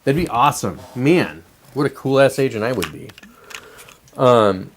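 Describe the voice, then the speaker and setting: A man's voice: mid-range voice, lively intonation, measured pace, a little hiss or hum. A man ranting on politics in a brash, profane casual livestream style, talking to viewers and pointing at a map. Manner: brash, swearing, talks to a pointer and chat. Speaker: livestream host.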